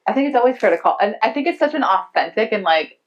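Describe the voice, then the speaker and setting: A woman's voice: on the high side, lively intonation, fast, muffled recording. A woman on a conference panel, talking in a thoughtful, casual way and often saying "like". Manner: thoughtful, frequent "like" fillers. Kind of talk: casual Q&A discussion. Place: conference room.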